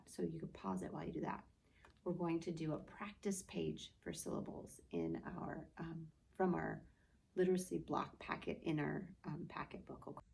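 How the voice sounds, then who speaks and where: A woman teacher giving a remote lesson to young children, speaking slowly and clearly, modeling words and answers for the class. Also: lowish voice, darkish tone, a little hiss or hum. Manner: slow, clearly spoken teacher voice.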